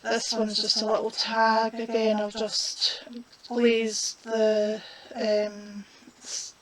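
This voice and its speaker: A woman's voice: a little high, completely flat delivery, low-quality recording. A woman, chatting casually while demonstrating a colouring craft. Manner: chatty, unhurried, talks while working.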